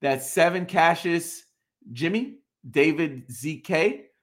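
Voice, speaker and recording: A man hosting a podcast stream, reading out viewer names one by one with quick reactions. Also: fairly high pitch, fairly bright tone. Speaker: podcast host. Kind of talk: live stream shout-outs to chat.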